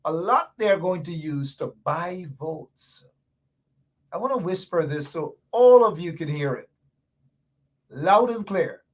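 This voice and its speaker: Fiery high-voiced Guyanese radio host. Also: male voice, animated, measured pace. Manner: fiery, repetitive, emphatic. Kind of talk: political radio commentary.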